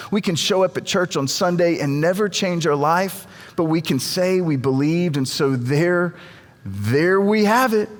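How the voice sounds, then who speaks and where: A man preaching a sermon as pastor, telling stories in a conversational way and often repeating words as he goes. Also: fairly high pitch. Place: church. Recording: long reverb of a church hall.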